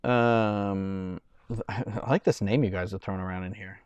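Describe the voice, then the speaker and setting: A young man hosting a casual live stream, rambling and chatting with viewers in a loose way, full of fillers and quick laughs. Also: on the low side, fairly even intonation, a little mellow, clear, resonant tone, no echo. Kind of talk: casual chat reading viewer comments.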